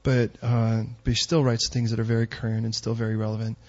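A middle-aged pastor with a fairly low voice and flat delivery preaches fast, telling stories and rising to emphatic, near-shouting peaks. The recording has its highs cut off.

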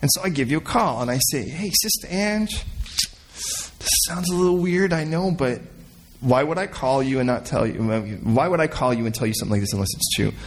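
A man preaching a sermon in an animated way, explaining the meanings of old words and acting out voices from the scripture story. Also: mid-range voice, fast talker, slight background noise. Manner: explains word meanings from the original language. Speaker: pastor.

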